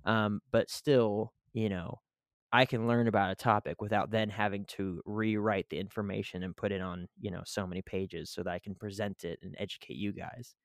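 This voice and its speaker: Low-ish guy on a podcast mic, smooth clear voice, dry sound, kinda rambly. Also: steady tone, moderate pace, no echo. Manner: rambling, full of "you know" and "like". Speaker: podcast co-host. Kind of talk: casual podcast chat.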